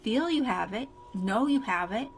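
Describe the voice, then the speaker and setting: A woman's voice: on the high side, lively intonation, measured pace, slight background noise. A woman giving an upbeat motivational talk, emphatic and acting out the affirmations she recommends. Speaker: self-help speaker.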